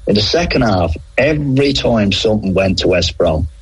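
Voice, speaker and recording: Middle-aged man, very husky, deep, animated anecdotes, radio interview. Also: normal speed, poor audio. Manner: animated anecdotes, acts out quoted players. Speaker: former referee, interview guest. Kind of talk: conversational interview storytelling.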